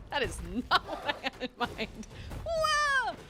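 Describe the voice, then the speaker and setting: Amid heavy background noise, a young woman streams a video game in a high voice at normal speed. Her live commentary is excitable, packed with exclamations, groans, and laughter at each setback.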